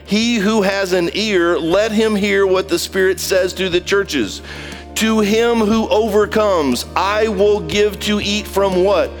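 A man preaching a sermon in an impassioned, pleading way, swinging between high and low. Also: takes it slowly, faint music behind.

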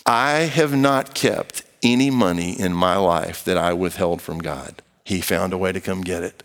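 A man's voice: low-pitched, a little slow, fairly bright tone, long reverb tail. A man preaching a sermon and reading scripture aloud, talking to the congregation in an emphatic, conversational way with playful acted-out asides. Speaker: pastor.

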